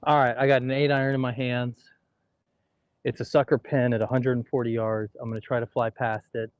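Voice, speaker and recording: A man's voice: medium pitch, little pitch movement, a little fast, smooth, no room sound, lo-fi sound. A man playing golf and co-hosting a livestream, talking plainly through his shots outdoors on the course. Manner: plain-spoken, mildly frustrated, talks through his shots. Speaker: golfer and co-host. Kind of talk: casual talk while playing golf.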